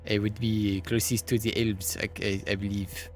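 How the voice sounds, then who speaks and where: A man's voice: fairly low pitch, little pitch movement, moderate pace, faint music behind. A man playing a tabletop game, chatting out of character in a hesitant, explanatory way. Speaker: tabletop role-play player. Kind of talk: casual out-of-character chat. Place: home setup, streaming.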